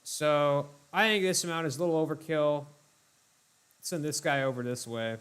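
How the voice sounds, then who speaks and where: A young man casually commentating his own strategy game playthrough for viewers, chatty and laid-back, talking to them as ladies and gentlemen. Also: fairly high pitch, moderate pace, clean tone. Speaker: let's play host.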